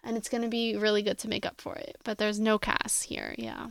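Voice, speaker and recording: Gravelly, dry-voiced woman co-host. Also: medium pitch, level tone, brisk, no room sound. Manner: chatty, trailing off quietly, filler ums. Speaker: podcast co-host. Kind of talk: casual podcast chat and episode synopsis.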